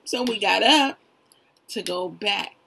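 A middle-aged woman co-hosting a podcast, telling stories in expressive casual chat and acting out quotes. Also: medium pitch, slow, vocal fry, a little hiss or hum, low-quality recording. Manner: expressive storyteller, acts out quotes. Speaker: podcast co-host, mother.

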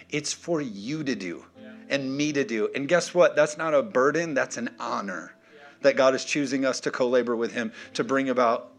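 A man preaching in a church, animated, swinging from loud, punchy calls to quiet, joking asides. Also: medium pitch. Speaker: pastor. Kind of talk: sermon.

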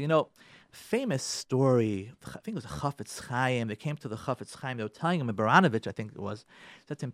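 A man, a rabbi on a radio show, urging his listeners in an impassioned talk, repeating his key points and swinging from loud pressing to soft pleading. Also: high voice, dry recording, clean studio sound.

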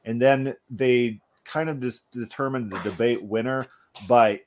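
A man hosting a casual discussion, talking in an animated way with many restarts. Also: medium pitch, unhurried, slight background noise. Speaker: podcast host.

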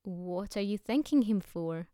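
A woman's voice: medium pitch, lively intonation, a little slow, dark tone, no echo, studio quality, natural voice. A woman voicing a grumpy, suspicious young male poet who speaks curtly and irritably in an audiobook reading. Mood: irritable. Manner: curt and irritable.

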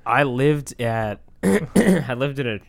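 A man's voice: mid-range voice, lively intonation, takes it slowly, gravelly. A young man in his twenties co-hosting a podcast, joking around and swearing casually. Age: young adult. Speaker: podcast co-host. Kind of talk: casual chat.

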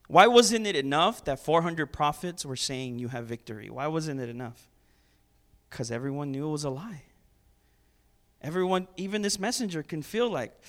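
A man preaching a sermon in an animated, conversational way, with sarcastic asides and repeated words. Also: on the high side, normal speed.

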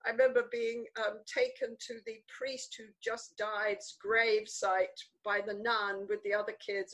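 An older woman, a guest in an interview, telling stories from her childhood in an animated, emphatic way. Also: mid-range voice, poor audio. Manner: animated, emphatic, repeats words for stress. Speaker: guest author. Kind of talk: conversational interview storytelling.

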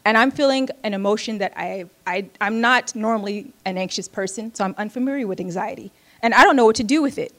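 A woman's voice: medium pitch, quick pace, few pauses, fairly bright tone. A woman from Oakland telling a personal story with a wry, candid manner, laughing at herself often. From Oakland, United States.

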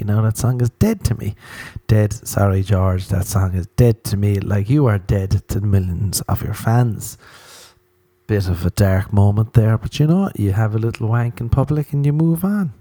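Brief: Irish man hosting a solo podcast, crude and rambling, low and mellow. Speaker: podcast host. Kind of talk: comedic solo podcast monologue.

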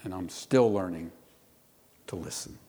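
A man's voice: deep voice, measured pace, warm tone, husky. A middle-aged male pastor giving a sermon, reading scripture and then explaining it in a conversational way. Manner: reads scripture then explains it conversationally, with playful voices for quotes. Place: church. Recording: long hall reverb.

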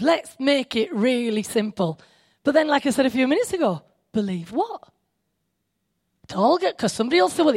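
Lively, excitable woman preacher. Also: high voice, no echo. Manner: animated, excitable, self-interrupting with asides. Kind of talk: sermon.

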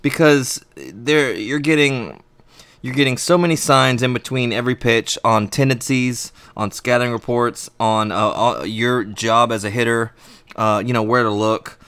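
A man's voice: mid-range voice, measured pace, a bit bright, clean tone, no echo. A man co-hosting a podcast in casual chat, rambling and opinionated with many restarts. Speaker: podcast co-host.

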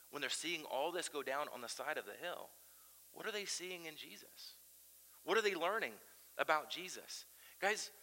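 Bright-voiced male preacher in a reverberant hall. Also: on the high side. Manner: animated preaching, chanting crowd shouts aloud. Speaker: pastor. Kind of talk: sermon.

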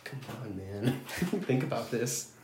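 A man's voice: mid-range voice, big pitch swings, takes it slowly, noisy background. A man chatting casually on a podcast with teasing, laid-back banter. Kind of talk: casual chat. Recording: roomy echo.

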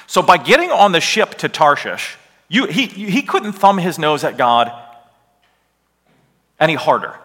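A man teaching a Bible lesson with slides, emphatic and animated, often checking in with a rhetorical "right?". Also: on the high side, unhurried, in a large hall. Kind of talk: lecture with slides.

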